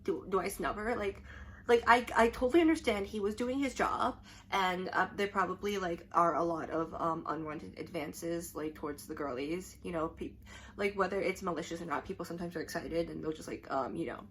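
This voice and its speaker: A woman's voice: fairly low pitch, a little fast, a little hiss or hum. A young adult woman vlogging to camera, telling a story in a chatty, rambling way full of "like" and restarts.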